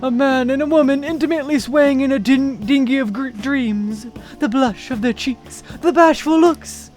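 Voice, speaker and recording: A man voicing a pompous young artist, very high. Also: normal speed, darkish tone, faint music behind. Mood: grandiose. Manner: theatrical, flowery formal speech. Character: pompous young male artist, grandiose and dreamy. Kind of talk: reading game dialogue aloud on stream.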